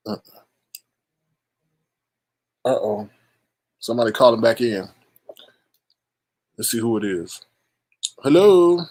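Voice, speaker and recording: A man's voice: medium pitch, expressive, slow pace, long pauses, a little mellow. A man hosting a casual live stream who rambles, repeats himself and teases his callers.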